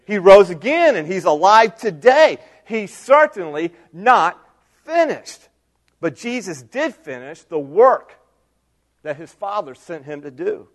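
Man, middle-aged pastor, high voice, animated sermon delivery, quiet asides and emphatic peaks. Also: takes it slowly. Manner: animated preaching, shifts between soft asides and raised emphasis.

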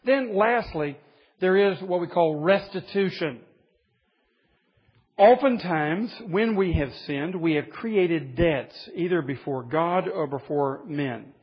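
A man's voice: fairly high pitch, animated, slow pace, husky. A man preaching a sermon to a group of men, earnest, pressing his points with rising emphasis. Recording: dull lo-fi recording in a reverberant hall.

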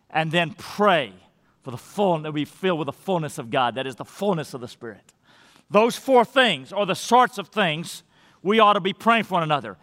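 Emphatic high-voiced male pastor, echoing hall. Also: a bit bright. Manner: emphatic, with slow drawn-out phrases and restarts. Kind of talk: sermon. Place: church sanctuary. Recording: long reverb of a large hall.

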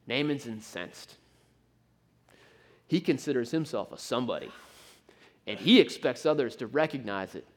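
A man preaching a sermon, telling the story in an animated way with frequent stammered restarts. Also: medium pitch, normal speed, pauses often.

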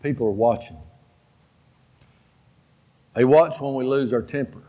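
A pastor in his fifties preaching a sermon, telling stories and exhorting his congregation with animated energy. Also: a little high. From Georgia, US. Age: 50s. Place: church sanctuary. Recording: long reverb of a church hall.

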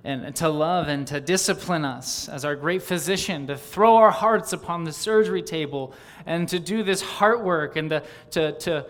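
A man's voice: fairly high pitch, normal speed, a bit bright. A man preaching a sermon, reading old diary passages aloud and building fervent, rhythmic lists. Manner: fervent, rising on exclamations and lists.

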